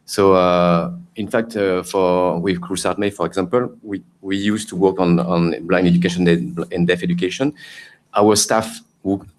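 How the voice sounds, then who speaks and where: Low-voiced hesitant male panelist. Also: fairly even intonation, measured pace. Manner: hesitant, many fillers and restarts. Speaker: panelist from Cambodia. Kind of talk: conference panel remarks.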